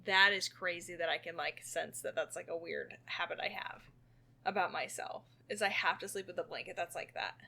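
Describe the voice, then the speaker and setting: A woman's voice: lowish voice, moderate pace, creaky, bright, forceful tone. A woman co-hosting a podcast, chatting casually and musing over personal habits. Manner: musing and confessional. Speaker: podcast co-host. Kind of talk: casual chat.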